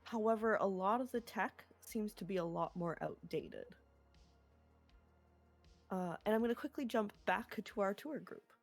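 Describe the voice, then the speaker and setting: A woman running a tabletop game who describes each scene slowly and calmly. Her pitch sits mid-range, and she fills her pauses with soft fillers. Faint music plays behind her. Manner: relaxed descriptive narration with fillers. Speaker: game master.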